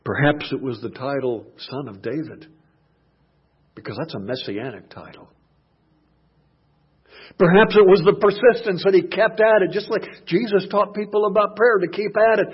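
Husky preacher swinging from hush to shouts. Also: male voice, high voice, moderate pace, pauses often, dull audio. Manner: swings from hushed murmurs to loud shouted quotes. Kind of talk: sermon.

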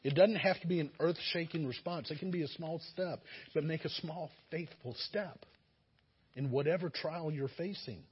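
A man's voice: on the high side, moderate pace, breathy edge, lo-fi sound. A man preaching a sermon, earnest and exhorting, sometimes acting out the voices of listeners. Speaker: pastor.

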